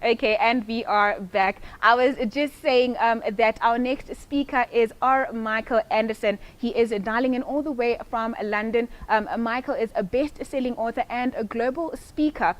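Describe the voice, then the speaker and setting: A woman's voice: on the high side, moderate pace, few pauses. A woman moderating a webinar, introducing speakers in a friendly way with frequent ums. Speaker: event host.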